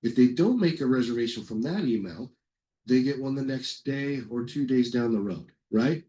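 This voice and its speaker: A middle-aged man presenting a software webinar in a casual, rambling way, telling anecdotes with lots of fillers and self-corrections. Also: medium pitch, expressive, normal speed, rough recording.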